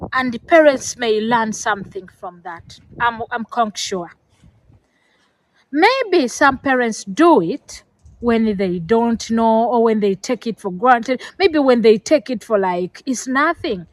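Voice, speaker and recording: Middle-aged african woman vlogging, earnest and lecturing, kinda high voice, gets choked up. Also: rough recording. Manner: earnest and lecturing, with fillers and restarts. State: emotional, near tears. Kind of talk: emotional personal talk to camera.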